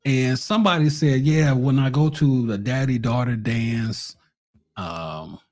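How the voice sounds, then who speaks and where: A man's voice: mid-range voice, measured pace, soft background music. A man co-hosting a podcast, telling stories in a teasing, folksy way. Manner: animated storytelling, folksy and teasing. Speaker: podcast co-host. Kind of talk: casual chat.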